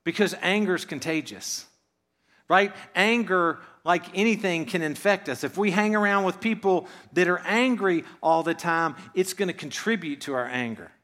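A pastor preaching a sermon in a church, talking conversationally, often letting his voice fall quiet at the ends of phrases and asking rhetorical questions. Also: high-pitched, expressive, moderate pace.

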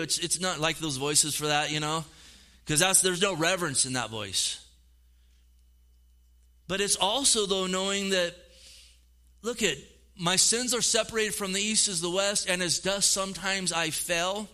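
A middle-aged male pastor preaching a sermon in an animated way, acting out quoted voices and repeating words as he goes. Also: sits high, normal speed.

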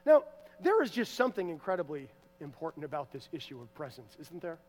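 High-pitched guy preaching, goes loud then real quiet, lots of hall echo. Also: brisk. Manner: animated preaching, swinging from loud to hushed. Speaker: pastor. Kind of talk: sermon.

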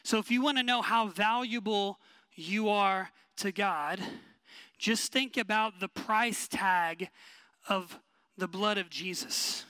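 A male pastor preaches in an emphatic, conversational way, circling back to short repeated phrases. His voice sits high and sounds sharp and forward, and the sound is dry and close. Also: slow, clear, resonant tone, no room sound. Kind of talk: sermon.

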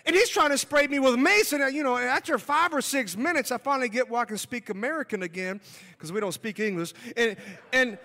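A man telling his conversion testimony as a sermon, animated and joking, shouting at high points. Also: brisk. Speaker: preacher giving testimony. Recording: long hall reverb.

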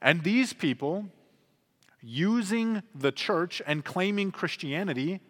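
Pastor, male, 30s, somewhat high voice, earnest conversational sermon delivery, long church reverb. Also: animated, slow, fairly bright tone. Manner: earnest, conversational preaching with emphatic swells.

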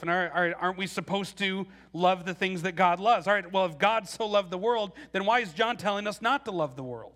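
A man's voice: sits high, fairly quick, hardly any pauses, a bit bright. A man in his forties preaching a sermon as pastor, speaking conversationally with frequent "like" and repeated starts.

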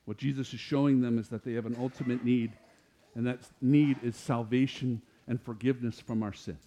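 A man preaching a sermon, animated, growing louder and higher as he quotes scripture. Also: a little fast, muffled recording. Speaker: pastor.

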